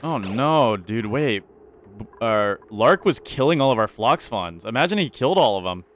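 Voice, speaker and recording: A man's voice: medium pitch, lively intonation, moderate pace. Male gameplay commentator, anxious, repeats himself, faint hiss behind. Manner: anxious, talks to his characters, repeats lines. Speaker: gaming YouTuber.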